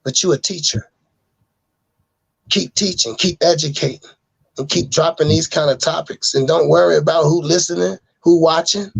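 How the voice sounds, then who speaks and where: On a dry recording, a man with a somewhat high, gravelly voice and a breathy edge speaks as a podcast guest. His message is earnest and sermon-like, insistently circling back to the same phrases like a preacher.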